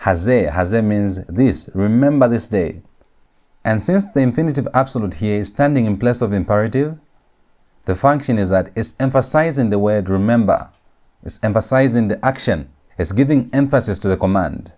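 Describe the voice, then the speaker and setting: A man giving a Hebrew grammar lecture, speaking slowly and repeating each term and example for his students. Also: fairly low pitch, lively intonation, darkish tone. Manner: slow, repetitive, spells out each word. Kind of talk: classroom lecture.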